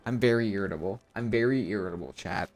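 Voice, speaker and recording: A medium-pitched man streams a card game, narrating his gameplay live and chatting with viewers in a lively, self-deprecating manner.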